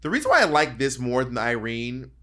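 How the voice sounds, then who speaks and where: A man co-hosting a podcast in a casual recap chat. He is animated and acts out the people he quotes in little voices. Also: mid-range voice, brisk. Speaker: podcast co-host.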